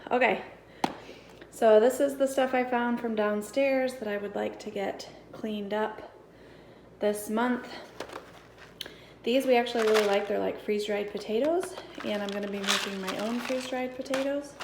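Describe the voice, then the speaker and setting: A woman's voice: medium pitch, steady tone, normal speed, background noise. A woman in her thirties chatting casually as she walks through her home storage and pantry, thinking aloud with fillers. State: out of breath after the stairs. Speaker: homemaking vlogger. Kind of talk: casual walk-through vlog.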